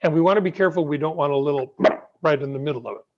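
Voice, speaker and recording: A middle-aged man teaching piano in an online masterclass, gentle, patient and encouraging, heard over a video call. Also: on the high side, racing. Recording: muffled video call audio.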